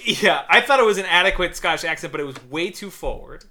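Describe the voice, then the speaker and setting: A man with a fairly high, strikingly bright and forceful voice rants animatedly through a casual podcast chat. He laughs between words and keeps the tone loose and conversational. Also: expressive, fast talker. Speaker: podcast co-host.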